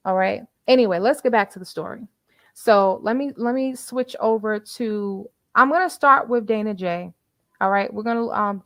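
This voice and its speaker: A woman's voice: fairly high pitch, fairly bright tone, no echo. A woman hosting a casual livestream, chatty and preachy, quoting scripture and repeating phrases with many fillers. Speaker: livestream commentary host.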